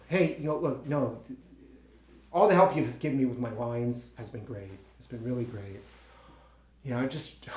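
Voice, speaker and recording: An actor playing an insecure, easily frustrated young stage actor in his twenties, who talks in halting, stammering bursts to partners the audience never hears. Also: medium pitch, darkish tone. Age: 20s. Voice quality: stammering, halting, full of restarts. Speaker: actor in a one-man play. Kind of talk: solo stage monologue, talking to unseen partners. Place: theatre stage. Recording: roomy theatre sound.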